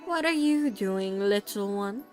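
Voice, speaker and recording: Woman playing a calm sleepy tom cat. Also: medium pitch, measured pace, faint music behind, natural voice. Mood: curious.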